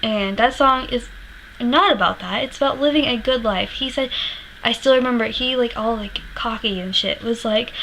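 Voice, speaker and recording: A woman's voice: fairly high pitch, normal speed, a bit bright, a little hiss or hum, low-quality recording. Candid young woman, rambling vlog story. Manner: candid, rambling, swears freely, laughs often. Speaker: music vlogger.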